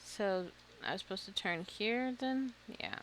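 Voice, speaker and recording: A gaming streamer talks casually over her video game, muttering to herself and teasing herself about getting lost, with bursts of nervous laughter. Her mid-range voice has lively intonation and a slightly bright tone, and she speaks a little slowly. There's a faint hiss or hum in the recording.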